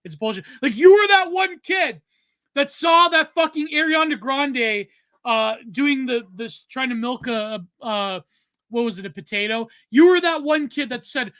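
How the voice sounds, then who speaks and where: Young male podcast co-host, bright and dry, cursing through an exasperated rant. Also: extremely high pitch, animated, normal speed, no echo. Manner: profane, ranting, exasperated. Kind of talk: heated casual podcast rant.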